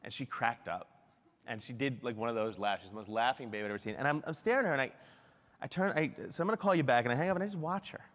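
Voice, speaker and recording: A middle-aged man giving a lively, self-deprecating keynote talk at a conference. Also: medium pitch, fast, in a large hall. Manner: animated, self-deprecating storytelling. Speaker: keynote speaker. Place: large conference hall.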